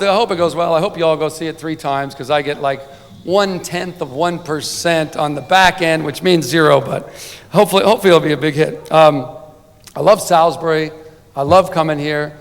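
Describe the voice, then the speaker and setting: Higher-voiced man telling jokes at a banquet podium. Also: normal speed, fairly bright tone. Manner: chatty comic storytelling, frequent "right?" asides. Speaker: sportswriter giving an award speech. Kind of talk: humorous banquet speech. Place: banquet hall. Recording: long banquet-hall reverb.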